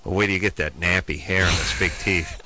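A man hosting a comedy radio call-in show, a wisecracking and animated storyteller. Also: sits low, brisk, no room sound.

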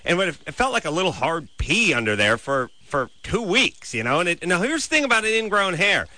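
A man in casual banter as a show host, joking and animated, with his pitch jumping up when he gets excited. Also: fairly quick.

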